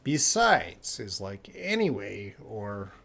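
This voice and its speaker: A man's voice: fairly low pitch, big pitch swings, takes it slowly, vocal fry, a bit bright. A Canadian man teaching English in a live online lesson, answering viewers' questions and repeating key words for learners. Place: living in Korea.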